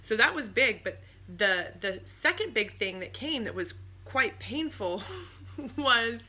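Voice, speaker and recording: A woman vlogging on a phone camera, telling personal stories in a casual, animated way and laughing often. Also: a little high, takes it slowly.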